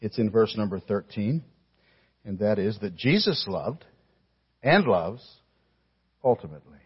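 A male pastor with a lowish, husky, sing-song voice preaches a sermon at an unhurried pace, captured on dull audio. He is emphatic, poses pointed rhetorical questions, and speaks directly to the congregation in the room.

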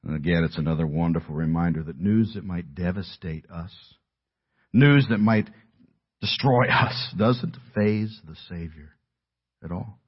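A middle-aged man preaching a sermon in an earnest, emphatic way, dropping his voice low at key words. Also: a little slow, breathy edge. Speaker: pastor. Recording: dull lo-fi audio.

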